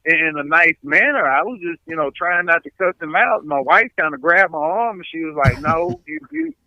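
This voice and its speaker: A man, a comedian guest chatting on a podcast and telling stories in an animated way, stumbling over repeated words. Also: on the high side, brisk, dry recording, muffled recording. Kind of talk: casual podcast chat.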